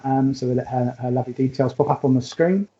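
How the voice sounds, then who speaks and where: A man's voice: medium pitch, fairly even intonation, fast, mellow, highs cut off. A man giving a live spiritualist mediumship reading, chatty and affectionate, rambling with fillers and restarts. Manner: chatty and affectionate, calls the sitter "my darling".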